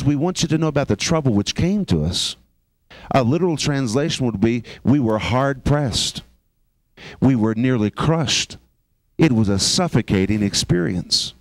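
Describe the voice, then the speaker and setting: A man teaching a sermon, reading scripture and explaining words with emphasis, slowing down on key phrases. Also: medium pitch, darkish tone, no echo. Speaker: Bible teacher.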